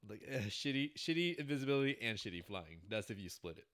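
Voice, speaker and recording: A young man co-hosting a podcast in casual chat, laid-back and teasing, quick to laugh. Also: medium pitch, sing-song, fairly bright tone. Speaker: podcast co-host.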